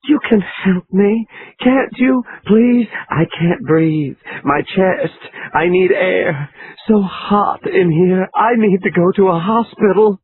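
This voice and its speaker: A woman's voice: medium pitch, slow pace, slightly rough, no room sound, pitched above the performer's own voice. A man voicing a panicking middle-aged fashion guru woman who pleads and sobs hysterically. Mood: pleading. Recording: lo-fi phone-like line, faint hiss.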